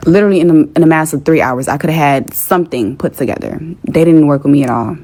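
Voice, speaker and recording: A woman's voice: low voice, quick pace, warm tone. A young woman telling a story in a casual, exasperated rant with plenty of swearing. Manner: profane, exasperated.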